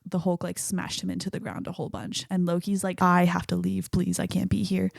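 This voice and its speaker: A woman hosts a solo podcast and chats casually about a film, swearing freely and acting out the lines she quotes. her voice has a gravelly fry to it and sits at a middle pitch. the sound is dry and close. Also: mellow, dry recording. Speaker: podcast host.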